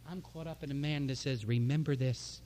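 A man's voice: a little high, steady tone, fast, a little mellow. A man preaching a sermon from the pulpit, impassioned, with repeated phrases and rising emphasis. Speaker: pastor.

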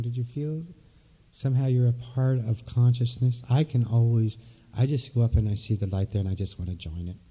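A man preaches a sermon to his church congregation. He speaks in a reflective, unhurried, soft-spoken way, his voice low and husky. The recording sounds dull and lo-fi. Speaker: minister.

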